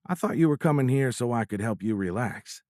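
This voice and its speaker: A man's voice: medium pitch, expressive, a little fast, darkish tone, no echo, clean studio sound, pitched above the performer's own voice, lightly acted. A male audiobook narrator voicing a fiercely independent, playful woman who is a fighter pilot. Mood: affectionate. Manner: playful, teasing.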